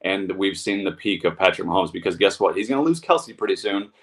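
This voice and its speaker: A man's voice: deep voice, animated, a little fast. A man co-hosting a football talk show, blunt and heated, ranting with profanity. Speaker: sports show co-host. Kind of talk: casual sports talk.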